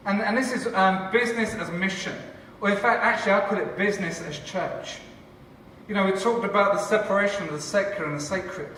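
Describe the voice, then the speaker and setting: Bright-voiced Englishman joking in an echoey hall. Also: high voice, fairly quick, distant mic, a little hiss or hum. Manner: enthusiastic, joking, chatty with the audience. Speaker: church leader and cafe founder. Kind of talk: conference talk to a live audience. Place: large conference hall.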